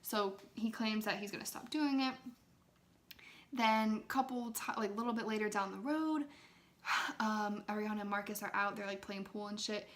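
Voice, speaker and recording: A woman's voice: mid-range voice, normal speed, fairly bright tone. A young woman chatting casually to her viewers as she retells a film, filling her talk with "like" and sometimes dropping into a whisper. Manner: loose and chatty, many "like"s, drops into whispers now and then. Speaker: ASMR creator talking to viewers.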